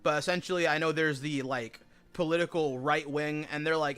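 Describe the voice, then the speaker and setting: A man with a high-pitched voice rants during a gaming stream. He talks casually, packs his speech with fillers, and swears as he gets heated. Faint music plays behind him. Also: fairly even intonation, a little fast, a bit bright. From United States. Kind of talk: casual rant while gaming.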